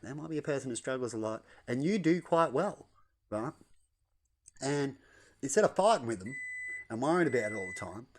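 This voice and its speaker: Man, casual home vlog monologue, wandering and repetitive. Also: medium pitch. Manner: loose, repetitive, tags lines with "right?". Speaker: vlogger. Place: at home indoors.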